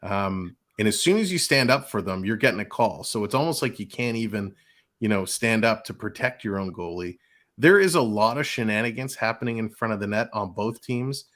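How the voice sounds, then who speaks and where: A man's voice: lowish voice, lively intonation, fairly quick, a bit bright. A man co-hosting a hockey show, steadily laying out frustrated criticism in casual sports chat.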